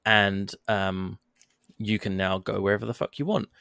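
A man co-hosting a podcast in casual chat, swearing freely and retelling events with animated energy. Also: lowish voice, normal speed, gravelly, clean tone, no room sound, clean studio sound. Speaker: podcast co-host.

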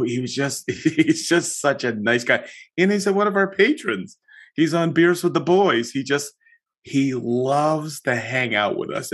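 A man's voice: mid-range voice, husky. Chatty male podcast host telling stories. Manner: animated storytelling, chatty with many restarts. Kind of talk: casual chat.

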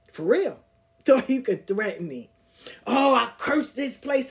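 A woman hosting a podcast, telling stories casually in a blunt, profane, streetwise way and laughing as she goes. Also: on the high side. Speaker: podcast host. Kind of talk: casual storytelling.

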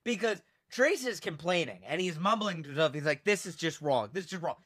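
Lively high-voiced man telling a story. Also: fairly quick. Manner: animated storytelling, acts out quoted people. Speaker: podcast co-host. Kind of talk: casual podcast chat.

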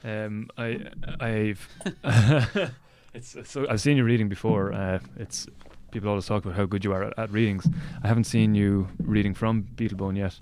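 Low-voiced laid-back podcast host man. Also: steady tone, normal speed, a little mellow. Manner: laughs easily, light and chatty. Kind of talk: casual interview chat.

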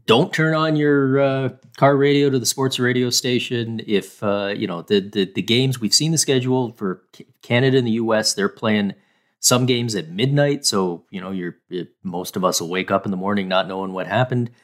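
A male podcast co-host with a lowish voice. He makes his points emphatically and with firm opinions, in relaxed sports talk. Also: moderate pace. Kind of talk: casual sports chat.

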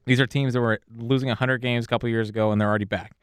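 A man's voice: mid-range voice, steady tone, rapid-fire, smooth, no echo, clean studio sound. A man co-hosting a casual sports talk show, giving laid-back analysis with plenty of filler words. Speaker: sports podcast co-host.

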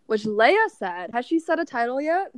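A woman co-hosting a casual podcast, teasing the others and dropping quick asides. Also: high voice, very animated, dry recording. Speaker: podcast co-host. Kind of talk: casual recap chat.

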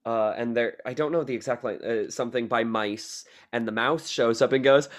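A man's voice: mid-range voice, expressive, fairly quick, hardly any pauses. A man co-hosting a podcast, gushing about a movie with enthusiasm and dry teasing in casual chat, recorded over a remote call. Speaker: podcast co-host.

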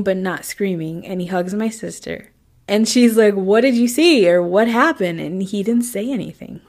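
A woman telling a personal story in a casual, animated way, acting out quotes and sometimes dropping to a whisper. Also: medium pitch.

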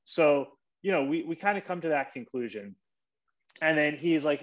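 A man hosting his own podcast, giving an energetic coaching monologue and acting out short example voices. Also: fairly high pitch, moderate pace, lo-fi sound. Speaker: podcast host.

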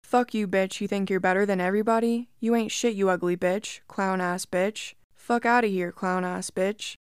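A woman's voice: medium pitch, steady tone, moderate pace, clear, resonant tone, dry recording, clean studio sound, natural voice. A woman voicing an aggressive male stranger on a subway who flips from sweet talk to insults, within a read-aloud story. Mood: raging. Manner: sweet-talking turning to shouted insults. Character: aggressive adult male subway harasser, volatile.

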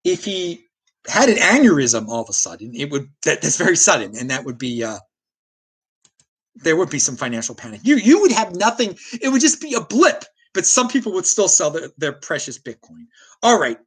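Male host, combative livestream ranter, very lively pitch, frequent stammered restarts. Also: normal speed, slightly rough. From United States. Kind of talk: ranting livestream commentary, reading viewer chat.

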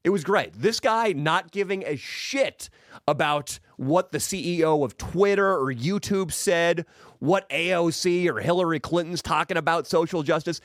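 A man telling a crude story in a casual podcast chat, profane and animated. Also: normal speed, no echo, studio quality. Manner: animated, profane, mimics people in high put-on voices. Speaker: podcast guest.

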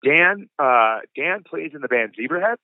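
A man's voice: a little high, lively intonation, normal speed, no echo. Laid-back man in his forties, punk-singer guest; tinny, phone-like audio, dry. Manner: laid-back, says dude and like a lot. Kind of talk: casual storytelling chat.

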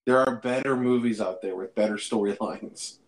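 A man's voice: lowish voice, normal speed, a crowd in the background. Wry teasing male podcast co-host. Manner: wry, teasing, mocking impressions. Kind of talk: casual chat.

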